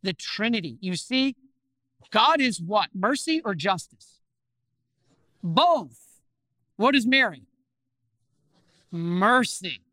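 A man preaching a sermon with animated storytelling, asking his listeners questions and acting out scenes. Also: high voice, slow pace, pauses often, dry recording. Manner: animated, acts out scenes, asks the audience questions.

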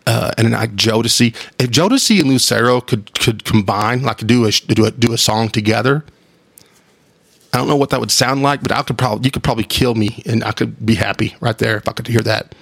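A man's voice: medium pitch, a little fast, vocal fry, fairly bright tone, husky, no echo. A man, hosting a casual solo monologue, rambling and enthusiastic with casual swearing. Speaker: podcast host.

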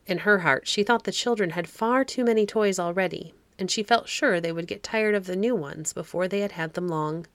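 A woman narrating a classic fairy-tale audiobook in a measured storytelling manner. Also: medium pitch, a bit bright, no room sound.

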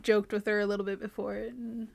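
A woman's voice: medium pitch, little pitch movement, fast talker, gravelly. A woman co-hosting a podcast, telling personal stories, laughing often and acting out what others said. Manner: laughs a lot, acts out quotes of others. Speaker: podcast co-host. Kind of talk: casual chat.

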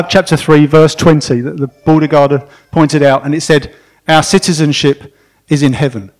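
A man, possibly middle-aged, preaching a sermon and telling a story with animated emphasis, often repeating words to stress them. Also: a little high.

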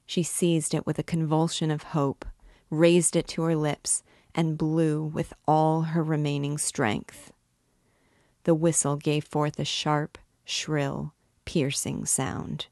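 A woman reading a classic novel aloud as a guide, in a measured and deliberate way. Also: deep voice, flat delivery, vocal fry, a little mellow, dry recording, studio quality. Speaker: book reader and guide.

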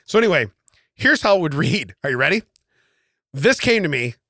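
A man co-hosting a casual podcast chat, telling a story in an animated way with frequent laughs, recorded in a podcast studio. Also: on the high side, a little fast, dry recording. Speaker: podcast co-host.

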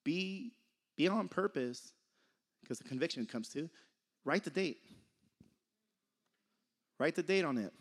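A man's voice: a little high, animated, unhurried, long pauses, slightly rough. A young man giving a casual sermon, conversational and laughing often, sometimes losing his train of thought. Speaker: preacher.

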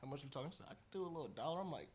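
A young man with a fairly high voice tells stories in a loose, slangy way. He laughs a lot as he talks. This is a relaxed chat among friends. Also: very fast, slight background noise. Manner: slangy storytelling, laughs often. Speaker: podcast co-host. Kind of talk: casual chat.

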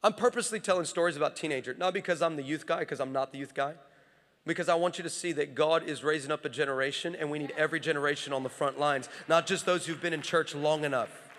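A man's voice: fairly high pitch, fast. A man preaching a sermon, telling stories and building to fervent, repeated calls. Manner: builds to impassioned shouting, rhythmic repetition. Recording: long hall reverb.

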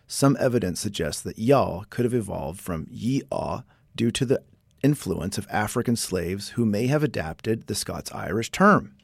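A man hosts a relaxed explanatory talk in a fairly low voice. He reads passages aloud and keeps stepping out of them to add chatty asides. The sound is dry and close, with no room around it. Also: no echo. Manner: chatty, breaks into read quotes with asides. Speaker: podcast host.

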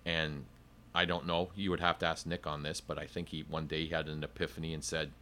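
A man's voice: a bass voice, level tone, fairly quick, sharp tone, a little hiss or hum. A man who is a cigar company sales rep, explaining in detail in a playful, casual podcast chat.

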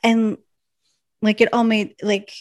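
A woman co-hosting a casual podcast, recapping a TV episode with animated storytelling and frequent laughter. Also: a little high, takes it slowly, no room sound. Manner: animated storytelling, laughs often, many fillers. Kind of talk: casual chat.

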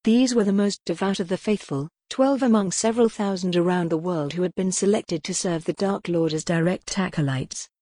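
A woman narrating a gothic novel in a steady, measured audiobook reading. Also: on the low side, no room sound, studio quality.

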